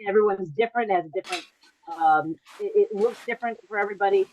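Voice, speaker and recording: A woman's voice: mid-range voice, fast talker, darkish tone, a little hiss or hum, poor audio. A woman comedian doing a rambling stand-up set over a video call, often stopping and restarting her sentences and laughing at her own jokes. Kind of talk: stand-up set on a virtual show.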